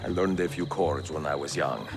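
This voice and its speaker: An actor playing a suave middle-aged assassin in a video game, speaking in a smooth, wry manner and singing playful verses. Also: male voice, extremely low pitch, normal speed, music in the background.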